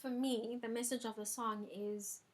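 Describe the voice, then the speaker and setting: A woman's voice: a little high, steady tone, normal speed. A young woman talking casually in a music review vlog, chatty and full of filler ums, recorded in her bedroom. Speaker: vlogger. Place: bedroom at home.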